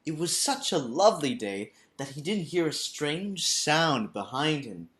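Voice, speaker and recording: Slow, dramatic man reading a storybook aloud. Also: on the high side, sing-song, a bit bright. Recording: roomy room, faint background music.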